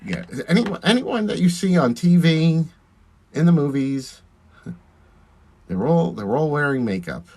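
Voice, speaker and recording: Man, drag performer, husky voice with a bouncy, lively melody, chatty live-stream host thanking viewers. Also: on the high side, measured pace, pauses often. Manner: chatty, reads viewer comments aloud and thanks them. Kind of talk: casual live-stream chat while doing makeup.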